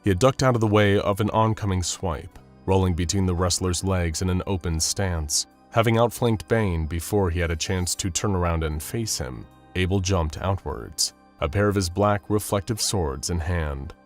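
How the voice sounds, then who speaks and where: A man narrating a scripted action story in a steady, dramatic storytelling manner. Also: deep voice, normal speed, hardly any pauses, soft background music.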